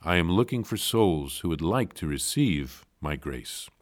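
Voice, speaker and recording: Jesus, as read by a man, low and gentle. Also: lively intonation, a little slow. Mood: gentle, comforting. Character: Jesus, gentle and tender-hearted divine man.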